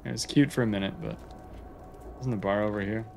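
A man's voice: lowish voice, fairly even intonation, fairly quick, vocal fry, darkish tone, faint music behind. Joking man streaming a game. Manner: joking, talks to the game characters. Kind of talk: let's play commentary.

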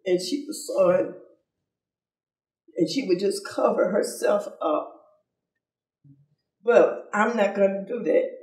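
An older woman gives an emotional personal testimony about her father, halting and tearful, often repeating herself. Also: medium pitch. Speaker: daughter of a civil rights leader. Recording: roomy sound from far off.

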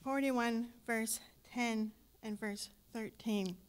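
A woman's voice: a little high, steady tone, slow, smooth. A woman giving an emotional, hesitant testimony in church, sometimes close to tears. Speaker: guest speaker sharing a testimony.

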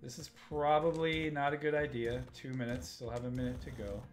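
A man's voice: medium pitch, level tone, a little fast, faint music behind. A man hosting a live stream, giving casual gameplay commentary, muttering to himself and chatting with viewers as he plays.

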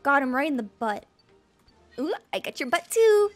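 A woman giving excitable let's-play commentary, squealing over cute creatures and cracking silly jokes. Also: sits high, normal speed, faint music behind. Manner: silly joking asides. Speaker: gaming streamer.

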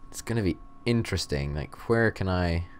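Very deep-voiced young man hosting a game. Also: expressive, moderate pace, a little hiss or hum. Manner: playful, theatrical announcer tone. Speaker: host, gamer. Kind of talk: let's-play commentary.

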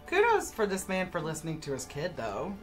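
A woman's voice: on the low side, wildly swooping pitch, fairly quick, faint music behind. A woman playing a tabletop mystery game, telling a story in casual chat with lots of "like" fillers. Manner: chatty storyteller, many "like" fillers.

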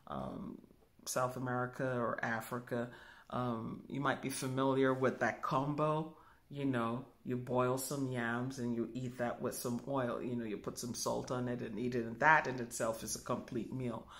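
A woman spiritual teacher giving a calm demonstration, musing aloud and humming softly as she thinks. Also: a bass voice. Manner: slow, musing, thinks aloud with soft hums.

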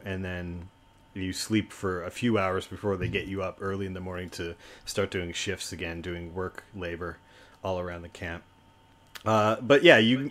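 A man narrating a tabletop role-playing game as dungeon master, rambling along with lots of fillers. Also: on the low side.

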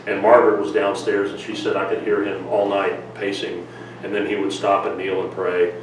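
A man's voice: low-pitched, monotone, moderate pace, background noise. A man giving a chatty museum history lecture, telling stories with fillers and restarts. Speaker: lecturer and documentary filmmaker. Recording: echoey room, mic from far off.

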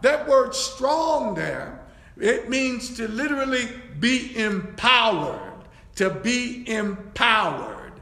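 A man's voice: extremely high pitch, sing-song, slow pace, sharp tone. A man preaching a sermon as a bishop-elect, repeating his phrases and breaking in with praise. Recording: echoey church hall.

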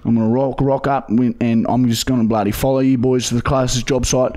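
A man's voice: mid-range voice, level tone, brisk, warm tone, lightly acted. A young man with an Australian accent playing a pushy, swearing job seeker on a prank call, rambling with lots of fillers. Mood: insistent. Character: desperate rough-talking male job seeker. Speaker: prank caller.

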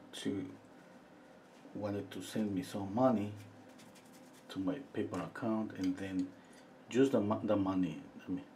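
Mellow-voiced middle-aged man teaching painting. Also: lowish voice, slight background noise. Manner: relaxed, thinking aloud while he paints, with frequent pauses and fillers; chats with viewers between steps. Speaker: painting instructor. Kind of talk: live painting lesson.

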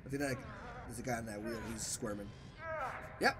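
A man's voice: medium pitch, brisk, very noisy. A young man bluntly directing his friend while watching a horror game. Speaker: gaming co-host. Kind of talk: casual let's-play commentary.

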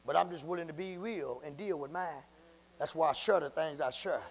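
A man preaching a sermon as pastor, calling out to the congregation and often breaking into shouts. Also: a little high, a little fast, vocal fry, long reverb tail. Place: church sanctuary. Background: church congregation.

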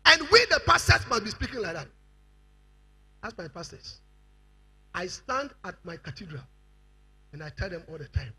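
High, bright-voiced Ghanaian preacher man. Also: big pitch swings, moderate pace, pauses often, breathy edge. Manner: fiery preaching, rising to shouts. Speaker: bishop preaching. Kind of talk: sermon.

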